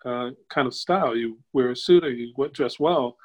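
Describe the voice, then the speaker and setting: An older man, a guest on a video call, tells a personal story in a casual way. He acts out the quoted voices with sudden jumps up in pitch and chuckles as he goes. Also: moderate pace, poor audio. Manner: chuckles while telling. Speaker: interview guest.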